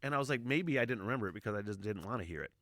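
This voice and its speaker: A man's voice: fairly low pitch, expressive, racing, a bit bright, no room sound, clean studio sound. A middle-aged man hosting a music reaction video, rambling casually with lots of fillers and swearing.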